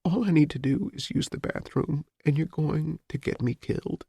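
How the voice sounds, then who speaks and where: A man's voice: on the high side, normal speed, creaky, mellow, husky, dry recording, studio quality, voice pushed up. A man voicing a frightened young woman taken hostage in an audiobook. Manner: pleading, fearful. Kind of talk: audiobook character voice.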